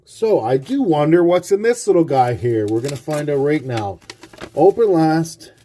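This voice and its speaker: A man hosting a card-collecting vlog, chatty and rambling, swinging from hushed awe to loud excited outbursts. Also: on the high side, normal speed, a little hiss or hum. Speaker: card-collecting channel host.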